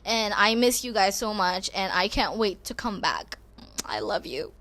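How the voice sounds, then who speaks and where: Woman, podcast host, casual monologue, expressive, bright tone. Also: mid-range voice, normal speed. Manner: rambling, expressive, self-deprecating.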